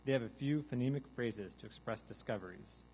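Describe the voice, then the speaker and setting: A man giving a deadpan mock science lecture to a live audience, now and then breaking into loud seagull caws and zombie groans. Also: mid-range voice, brisk, slight background noise, poor audio. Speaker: guest artist presenting research. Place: large hall with a live audience.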